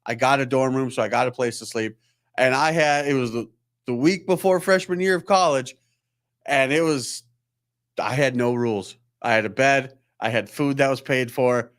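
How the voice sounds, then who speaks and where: A man in his thirties talks through a personal story on his live show. He rambles and laughs at himself, restarts his sentences, and acts out the people he quotes, all at a mid-range pitch. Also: normal speed. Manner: rambling, self-deprecating, acts out quoted voices. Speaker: chiropractor hosting a weekly live Q&A. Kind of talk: casual storytelling monologue.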